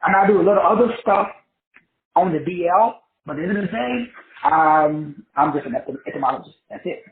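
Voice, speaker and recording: A man's voice: high-pitched, animated, a little fast. Preachy man on an echoey phone-like line. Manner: preachy, repetitive, colloquial. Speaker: online teacher and host. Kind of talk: motivational lecture.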